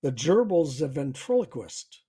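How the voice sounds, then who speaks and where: A polite, slightly sly man at a bar speaks slowly and with a lot of lift in his voice, as a man acts him out in a joke. His tone is mellow and a little husky. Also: a little high, very animated, heavily acted.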